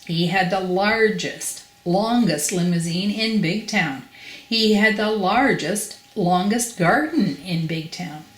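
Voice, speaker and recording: An older woman reading a children's storybook aloud, expressive and emphatic. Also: medium pitch, slow, roomy sound, poor audio.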